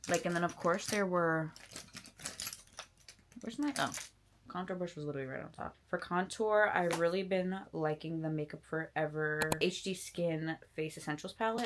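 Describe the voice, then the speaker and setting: A young woman in her twenties talks through her makeup routine in a loose, rambling way, poking fun at herself as she goes. Her voice sits low for a woman. A faint hiss of room noise runs underneath. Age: 20s. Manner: rambling, self-deprecating, animated. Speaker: beauty content creator. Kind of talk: casual get-ready-with-me chat. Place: home, doing makeup.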